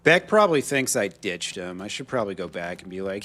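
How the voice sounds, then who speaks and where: A man's voice: on the low side, big pitch swings, a little fast, fairly bright tone. An American man, probably in his thirties, chatting casually and profanely on a live game stream, laughing often between rambling stories. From United States. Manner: swearing, laughing, rambling asides. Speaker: gaming streamer. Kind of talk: casual live-stream chat while playing.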